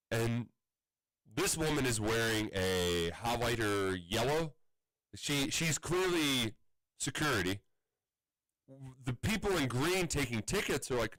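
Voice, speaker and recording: A man's voice: medium pitch, animated, measured pace, fairly bright tone, no echo, rough recording. A man in his thirties on sports radio, telling an exasperated story with many restarts and quoted voices. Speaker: radio show co-host.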